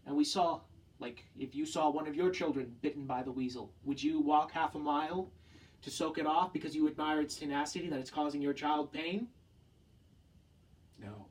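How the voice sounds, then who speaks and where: A man's voice: fairly high pitch, recorded from a distance, rough recording. A young man giving an earnest spoken presentation to a professor, impassioned and full of rhetorical questions. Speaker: student giving a talk.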